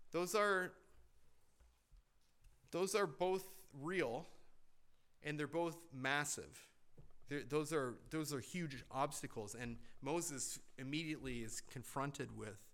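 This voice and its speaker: A pastor preaching a sermon in a church, emphatic and deliberate, with rhetorical questions. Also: male voice, on the high side, sharp tone.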